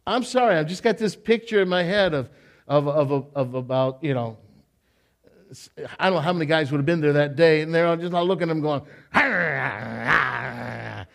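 A man preaching a sermon to a congregation in church, animated, repeating his words and tossing in joking asides. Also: a little high, fairly quick. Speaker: pastor.

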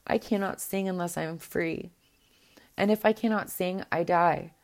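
A woman's voice: fairly low pitch, steady tone, moderate pace, darkish tone, natural voice. A woman voicing a small, sad male songbird that longs to be free, speaking plaintively in a storybook reading. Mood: faint.

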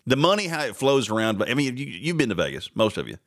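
A man's voice: mid-range voice, big pitch swings, fast, a bit bright. A man hosting a casual talk show, rambling and sarcastic and laughing often between asides. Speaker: radio host.

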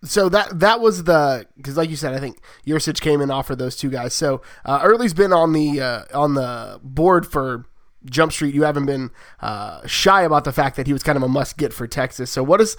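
A man co-hosting a podcast, asking questions in a casual, halting way. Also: a little high, no echo, clean studio sound.

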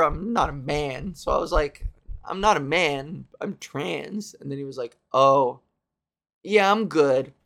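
A woman hosting her own podcast in a rambling, self-deprecating monologue, with a scratchy, slightly sore voice and plenty of swearing. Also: gravelly. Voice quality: scratchy low voice. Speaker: podcast host. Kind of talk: casual solo monologue.

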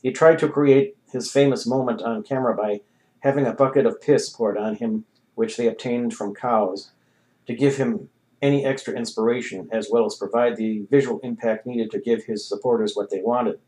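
A man narrating a comic novel in a wry, deadpan reading. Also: mid-range voice, moderate pace, rough recording. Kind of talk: audiobook reading.

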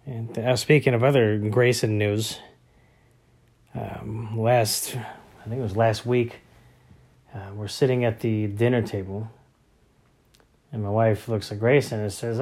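A father in his thirties talks casually about home life, wandering from thought to thought with plenty of fillers. His voice sits low and stays fairly level in pitch. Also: steady tone, measured pace, long pauses, a little mellow. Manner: rambling, many fillers and restarts. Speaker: father of young boys. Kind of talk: casual family vlog talk.

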